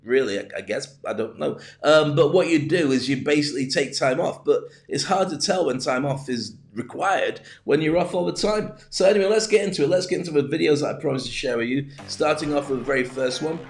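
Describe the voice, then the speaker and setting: A man's voice: on the high side, lively intonation, a little fast, hardly any pauses. A man hosting a casual live business show, talking in a chatty, rambling way with jokey asides. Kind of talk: casual livestream monologue. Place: home in the UAE.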